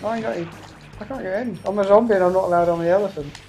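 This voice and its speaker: A woman's voice: mid-range voice, rapid-fire, darkish tone, faint music behind, poor audio. A woman casually chatting and exclaiming while playing a co-op game, laughing often and swearing mildly. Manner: exclaiming, laughing, mild cursing. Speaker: let's play host. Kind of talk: casual co-op gameplay chat.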